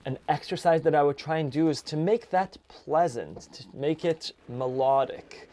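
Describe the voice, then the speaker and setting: A man teaching an accordion lesson, explaining chords and counting beats in a relaxed way. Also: on the high side, moderate pace. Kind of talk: music lesson. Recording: accordion music loud in background. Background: accordion playing.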